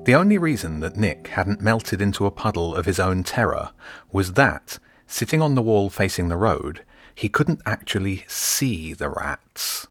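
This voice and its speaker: A man narrating his own children's novel as an audiobook, in a measured, gentle storytelling manner. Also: low voice, very animated, faint music behind. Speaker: author and narrator.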